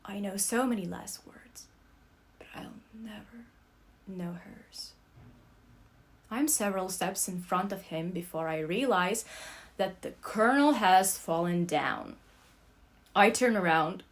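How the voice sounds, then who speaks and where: Brief: young woman, unhurried dramatic reading of a novel, mid pitch, dynamic from whispers to loud. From Russia. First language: Russian. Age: young adult. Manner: expressive, swings between loud outbursts and soft whispers. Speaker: student reader.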